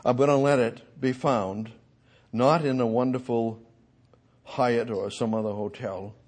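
A man preaches with a husky edge to his voice. He swings from ringing, emphatic declarations down to near-whispered asides and calls out to God as he goes. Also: steady tone, unhurried. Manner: dramatic swings from booming to hushed, speaking to God. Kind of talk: sermon.

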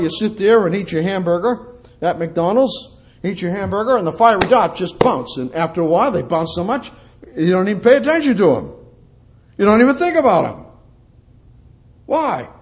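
An older man preaching a sermon, emphatic and repetitive, quoting scripture and putting questions to his listeners. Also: a little high. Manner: emphatic, repeats phrases, quotes scripture, asks the congregation questions.

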